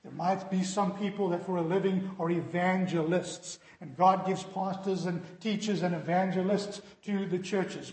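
A pastor preaches a sermon in a high-pitched voice with a dark tone, first telling a joke with animation and then pressing his points emphatically. The recording carries the echo of a reverberant hall.

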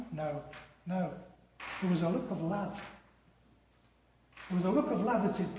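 High-voiced preacher in echoey hall. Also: male voice, normal speed, pauses often. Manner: storytelling, animated with dramatic drops in volume. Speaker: pastor. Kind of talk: sermon.

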